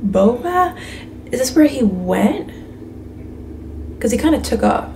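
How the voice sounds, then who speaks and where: A young woman reacting out loud to a show, gasping and thinking aloud as she watches. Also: on the high side, sing-song, slow, a little hiss or hum. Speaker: reaction video host. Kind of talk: live reaction commentary.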